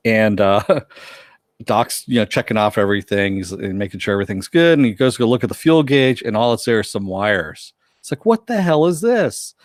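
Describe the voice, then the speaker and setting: A man casually recapping a TV episode with a co-host, animated, laughing often and acting out quotes. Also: lowish voice, brisk, no echo, studio quality. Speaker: podcast co-host.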